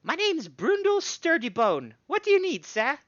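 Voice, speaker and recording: A man's voice: very high voice, wildly swooping pitch, moderate pace, fairly bright tone, dry recording, lo-fi sound, voice pushed up, heavily acted. A man voicing a stout, flustered female gnome smith who stammers and repeats her words, in a tabletop game.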